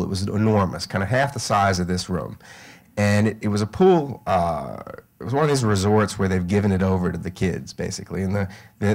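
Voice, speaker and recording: A middle-aged man telling a story to a live audience, halting with fillers and restarts, growing animated. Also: on the low side.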